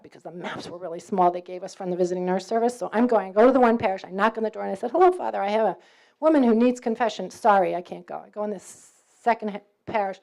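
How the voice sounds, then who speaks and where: A middle-aged woman from New York tells a personal faith story to a room of students. A faded New York accent is still there under her words. She is an animated storyteller who jumps into the voices of the people in her story and laughs as she goes. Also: mid-range voice. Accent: New York, mostly faded. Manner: lively storyteller, acts out dialogue, laughs often. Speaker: campus speaker.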